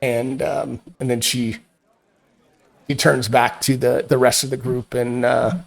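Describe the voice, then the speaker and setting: A man's voice: medium pitch, level tone, unhurried, vocal fry. A man running a tabletop game as game master, narrating with many fillers and restarts.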